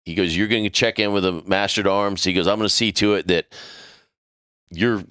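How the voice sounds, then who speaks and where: A middle-aged man tells a war story over the mic in loose, profane podcast chat, jumping into the voices of his old superiors as he goes. His voice sits fairly low and has a bright, forceful edge. The sound is dry and close. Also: steady tone, brisk, no room sound. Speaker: podcast crew member telling a story.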